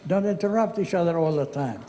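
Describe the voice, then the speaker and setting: A man's voice: fairly high pitch, animated, a little fast, warm tone, slight background noise. An older man from Lebanon with a Lebanese accent, giving a chatty, anecdotal acceptance speech and acting out the dialogue in his stories. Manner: chatty storyteller, acts out quoted dialogue. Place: event hall. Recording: reverberant hall.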